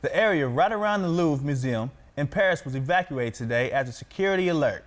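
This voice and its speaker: A man reads practice news copy aloud in a slightly high voice. He stumbles over hard names and repeats the corrections. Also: animated, a little fast. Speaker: trainee practicing news reading. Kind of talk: practice news reading with coaching.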